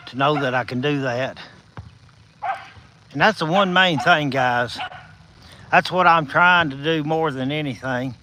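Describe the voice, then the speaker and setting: A high-leaning male voice comes through background noise. He's a Southern livestream host on a night walk, insects audible, talking in a folksy, encouraging way to viewers by name, slightly breathless and slurring a bit without his top teeth.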